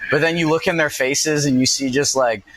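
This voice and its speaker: A man's voice: fairly high pitch, fairly even intonation, a little fast, fairly bright tone, no room sound, poor audio. A man co-hosting a podcast, joking crudely and laughing often in casual chat. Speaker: podcast host.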